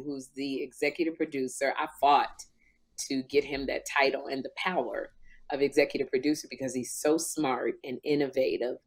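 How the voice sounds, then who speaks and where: A woman in her fifties hosting a talk show, telling stories in an animated, emotional way. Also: a bass voice. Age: 50s. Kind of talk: casual podcast chat.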